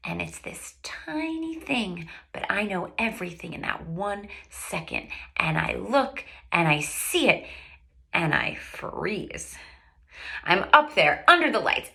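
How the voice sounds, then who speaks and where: Woman, actress as confiding anxious friend, bright tone, slow pace. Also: medium pitch, exaggerated voice. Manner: confiding, hushed at times. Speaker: actor. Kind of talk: dramatic monologue, voicemail.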